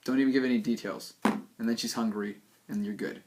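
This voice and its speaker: A man's voice: fairly low pitch, fairly even intonation, a little fast, a little mellow, slight background noise. A young man giving dating advice in a loose, joking monologue full of filler words.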